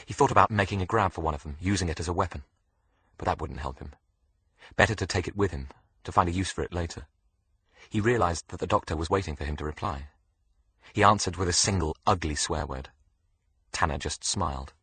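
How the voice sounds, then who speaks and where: A man narrating a thriller audiobook with a very deep, husky voice. His reading is steady and measured, and the recording is close and dry. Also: dry recording. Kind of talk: scripted narration.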